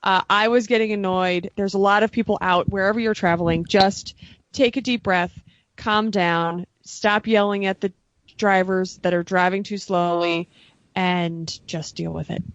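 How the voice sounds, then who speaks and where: A woman's voice: mid-range voice, steady tone, moderate pace, no echo. A woman co-hosting a podcast, giving an earnest, read-out safety reminder with frequent fillers and small slips. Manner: earnest, reads a prepared note with fillers. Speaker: podcast co-host. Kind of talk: casual podcast safety talk. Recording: dull lo-fi sound, dry.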